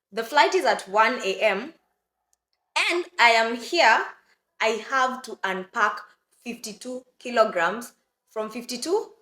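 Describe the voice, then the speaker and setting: A woman's voice: a little high, fairly bright tone. A young woman from Kenya, chatting to her viewers as she tells a story in a vlog. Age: young adult. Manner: chatty, addresses viewers as guys. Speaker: vlogger. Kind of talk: storytelling to camera. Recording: roomy echo.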